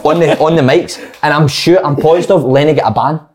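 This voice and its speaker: A young Scottish man, a former footballer, telling sweary, animated stories in casual chat. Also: on the high side, brisk, slight background noise. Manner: swears freely, animated anecdotes.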